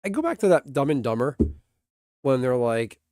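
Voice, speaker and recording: On a casual livestream, a man chats with viewers in a rambling way and laughs often. His mid-range voice is sing-song and a little mellow at a normal speed, captured with clean studio sound and no room sound.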